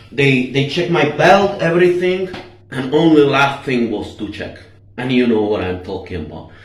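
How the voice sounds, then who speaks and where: Animated high-voiced man telling a story. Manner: animated, swearing, acts out quoted dialogue. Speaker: travel storyteller. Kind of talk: casual storytelling. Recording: echoey room, far from the mic.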